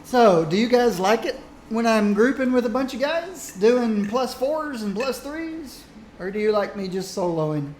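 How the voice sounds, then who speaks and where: A man's voice: very high-pitched, lively intonation, unhurried, darkish tone, echoey room, slight background noise. A man chatting casually while streaming a game, rambling and laughing often. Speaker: gaming streamer. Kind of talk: casual gameplay commentary.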